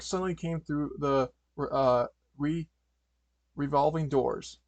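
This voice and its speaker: A man's voice: a little high, steady tone, slow pace, a little mellow, no room sound. A man reading a fan story aloud, stumbling, restarting and correcting words as he goes. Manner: stumbling, frequent restarts and fillers. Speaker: fanfiction reader.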